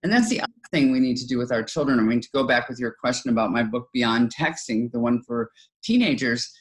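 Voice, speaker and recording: A woman's voice: rumbling low, fast talker. A middle-aged woman, an author as interview guest, giving conversational advice and acting out example dialogue. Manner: lively, acts out quoted dialogue in other voices.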